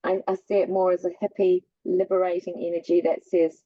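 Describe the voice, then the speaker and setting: A woman's voice: on the low side, a little fast, hardly any pauses, dry recording, dull audio. Musical-voiced woman telling stories. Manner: lively storyteller with a musical cadence. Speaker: guest. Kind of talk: casual chat.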